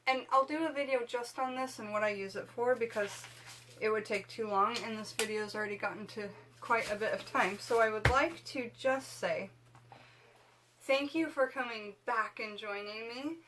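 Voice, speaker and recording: A woman's voice: a little high, moderate pace, noisy background. A woman hosting a witchcraft video, chatting casually to camera in a rambling way with lots of fillers.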